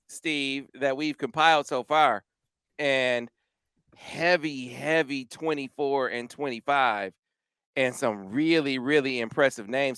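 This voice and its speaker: A man hosting a sports podcast, talking in an animated, emphatic and exasperated way. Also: medium pitch, smooth, no room sound, clean studio sound. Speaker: podcast host. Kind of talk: casual sports podcast chat.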